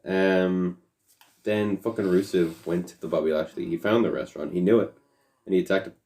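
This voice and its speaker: A man's voice: deep voice, fairly even intonation, moderate pace, darkish tone. A man co-hosting a wrestling podcast, wry and teasing, blunt and given to swearing. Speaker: podcast co-host. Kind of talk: casual wrestling chat.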